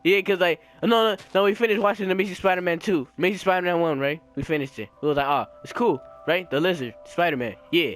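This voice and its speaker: A young man telling a story in casual chat, slangy and profane, animated and laughing, acting out the people he quotes. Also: high-pitched, fast talker, hardly any pauses, soft background music. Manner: slangy, profane, repeats filler "right?".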